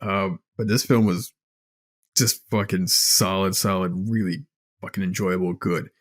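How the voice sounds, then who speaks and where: A man with a fairly low voice co-hosts a casual podcast. He talks with casual enthusiasm and an occasional curse. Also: steady tone, measured pace. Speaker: podcast co-host. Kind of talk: casual chat.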